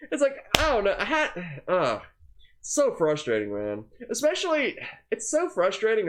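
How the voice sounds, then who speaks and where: Rambling young man with a lively voice. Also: on the high side. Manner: rambling, heavy on fillers and "man"; exasperated. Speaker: co-host of a gaming channel. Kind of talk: casual ranting chat.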